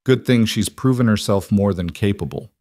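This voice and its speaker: A man voicing a weakened rancher husband who speaks softly and wryly in a storybook. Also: on the low side, normal speed, dry recording, clean studio sound, lightly acted. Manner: soft, wry.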